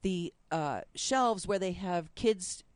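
A woman tells odd news stories on a casual talk show, chatty and quick to laugh. She stresses her punchlines. The recording is dry and close. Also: lowish voice, animated, clear, resonant tone, no room sound. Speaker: podcast co-host reading news stories. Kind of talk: casual chat.

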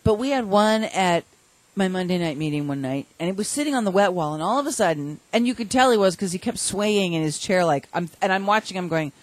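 A woman's voice: medium pitch, lively intonation, fairly quick, few pauses, no echo. A woman chatting casually and telling a funny story, often laughing as she talks. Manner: chatty, laughs through her stories.

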